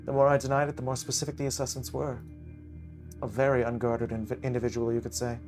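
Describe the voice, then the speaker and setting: Pompous game gent, grand and wistful, voiced by a man, middling pitch. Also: little pitch movement, darkish tone, soft background music, lightly acted. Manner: pompous, drawn-out delivery. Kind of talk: reading a visual novel aloud.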